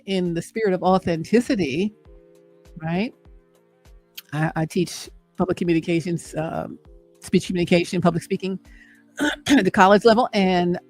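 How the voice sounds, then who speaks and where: With a medium-pitched voice, a middle-aged woman hosts a livestreamed motivational faith talk. She coaxes her audience using an emphatic, repetitive cadence like a preacher's.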